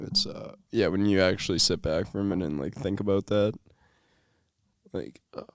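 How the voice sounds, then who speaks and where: A man's voice: low-pitched, normal speed. A young man co-hosting a podcast in casual chat, laid-back, swearing casually and agreeing often. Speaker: podcast co-host.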